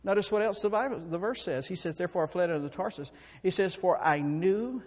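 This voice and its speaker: A man preaching a sermon, swinging from quiet storytelling to loud, impassioned passages and often repeating words. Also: high-pitched, a little fast, hardly any pauses. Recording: long hall reverb.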